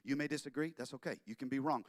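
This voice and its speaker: A man giving a humorous sermon talk in a chapel, animated and full of quick jokes and asides. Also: medium pitch, dry recording. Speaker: chapel speaker.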